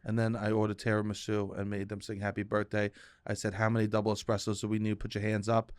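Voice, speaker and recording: Animated male podcast co-host, dry mic. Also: quick pace, clean tone, dry recording. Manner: animated storyteller, gets loud and high when acting out his mother. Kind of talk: casual comedic chat.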